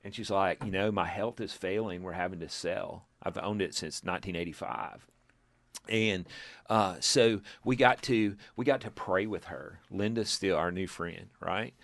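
A church planter from Texas in his fifties tells a long testimony in casual group conversation, his gravelly voice sitting low at a normal speed. He's an animated storyteller who acts out quotes, chuckles, and restarts his sentences. There's no room sound.

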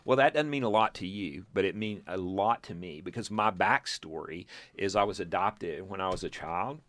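A man's voice: sits low, moderate pace, dry recording. A man in his fifties from Texas, a church planter, telling a long testimony story in casual group talk, acting out quotes and chuckling. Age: 50s. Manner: animated storyteller, acts out quotes, chuckles, restarts.

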